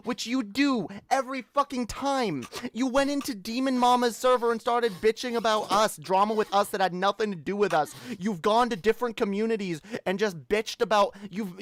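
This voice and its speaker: A woman hosting a live stream, ranting angrily with heavy swearing. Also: a little high. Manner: angry, profane ranting. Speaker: streamer host.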